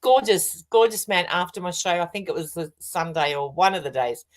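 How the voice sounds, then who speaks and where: Laughing Australian woman, lowish voice. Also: expressive, brisk. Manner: warm storytelling, laughs often. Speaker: co-host, medium. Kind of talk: casual livestream chat.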